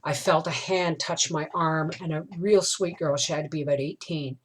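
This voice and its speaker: A woman's voice: sits low, normal speed, slightly rough. A middle-aged woman vlogging, telling a long, emotional personal story in a rambling, confiding way, often tagging lines with "right?". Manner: tag questions like "right?". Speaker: homestead vlogger. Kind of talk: casual storytelling chat.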